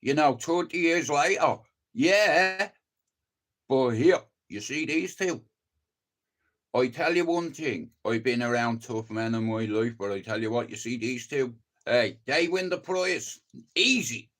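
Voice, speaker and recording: Older Dublin man, livestream monologue, blunt and profane, stammering restarts, mid pitch. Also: animated, a little slow, a bit bright. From Ireland.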